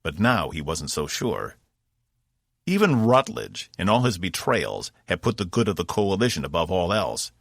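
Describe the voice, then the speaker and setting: A man narrates an audiobook from a script, telling the story in a measured, expressive way. His voice is low, and the studio-quality recording has no room sound.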